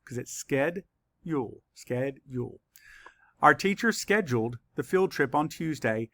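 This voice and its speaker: A man with a gravelly voice leads a children's spelling lesson. He speaks slowly and carefully and sounds out each letter. His voice is recorded dry and close, with no room echo. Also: mid-range voice, a bit bright. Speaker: teacher.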